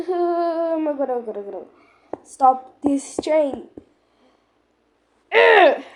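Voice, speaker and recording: A woman narrating and voicing a playful game role-play in an excitable, dramatic way, full of exclamations. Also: high voice, slow pace.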